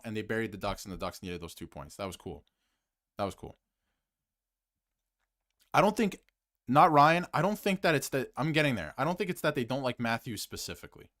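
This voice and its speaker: A man hosting a solo sports stream in a heated, emphatic rant. His pitch swings widely as he jumps from loud outbursts to low, muttered asides. He keeps repeating phrases to hammer his point home. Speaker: sports commentary host. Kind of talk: fired-up solo hockey rant to camera, reading super chats.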